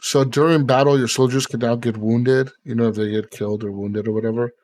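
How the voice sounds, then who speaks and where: A man's voice: mid-range voice, fairly even intonation, a little fast, darkish tone, a little hiss or hum. A man hosting a podcast in casual chat, rambling with lots of fillers and swearing. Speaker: podcast host.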